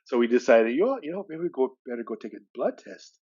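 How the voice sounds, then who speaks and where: A man's voice: medium pitch, sing-song, quick pace, darkish tone, highs cut off. A man in his sixties from California, a podcast guest telling a personal story in a loose, conversational way. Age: 60s. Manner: loose, conversational, retells dialogue with "he goes".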